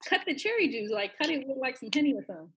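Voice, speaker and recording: A woman co-hosting a podcast tells stories in loud, slangy, casual chat and keeps breaking into laughter. Her voice is high-pitched with big pitch swings, and she talks in rapid-fire bursts.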